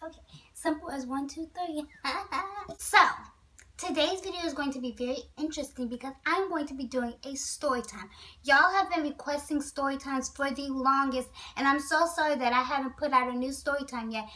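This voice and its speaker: A woman vlogger telling a storytime to her viewers, chatty and animated, with many asides. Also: high voice, normal speed, far from the mic, poor audio. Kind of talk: storytime vlog.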